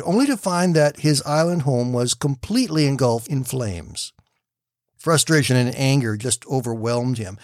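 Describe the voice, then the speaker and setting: A man hosts a morning devotional, telling a story in a calm, reassuring way. His voice sits in a middle pitch. The recording is close and dry, with no room sound. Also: no echo. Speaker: devotional radio host.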